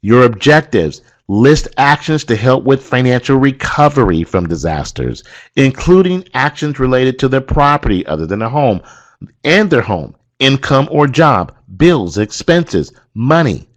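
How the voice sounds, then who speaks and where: A man's voice: medium pitch, very animated, unhurried. A man instructing trainers, walking through slides step by step and stressing key points with repeated "okay" and "again".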